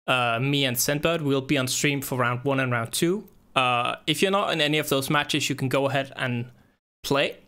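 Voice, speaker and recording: A young man with a bright, forward voice runs a gaming tournament stream. He talks loosely and rambles, swearing often and leaning on fillers, at an ordinary middle pitch. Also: clear, resonant tone. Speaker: tournament organizer and stream host. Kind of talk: casual livestream chat.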